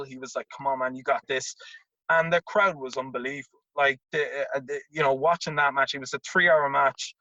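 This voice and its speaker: A man, a tennis coach telling an animated anecdote as an interview guest and acting out the voices in it. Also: a little high, no echo. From Ireland. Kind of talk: casual storytelling. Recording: dull lo-fi remote audio.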